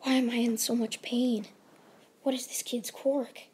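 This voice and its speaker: A woman's voice: fairly high pitch, flat delivery, measured pace, warm tone, breathy edge. A woman voicing panicked adult heroes who plead and cry out in pain. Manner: alarmed, pleading.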